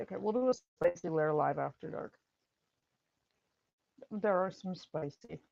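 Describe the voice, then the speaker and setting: A woman's voice: fairly low pitch, gravelly, a little mellow, husky, no echo, lo-fi sound. A woman hosting a livestream, a former EMT telling blunt, wry stories from the job and laughing at them. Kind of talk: casual livestream storytelling.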